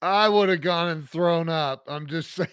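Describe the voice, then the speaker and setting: A man's voice: fairly high pitch, unhurried, fairly bright tone, smooth, no echo, studio quality. A man hosting a podcast interview, eager and reactive, exclaiming along with the guest. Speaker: podcast host. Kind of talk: casual interview.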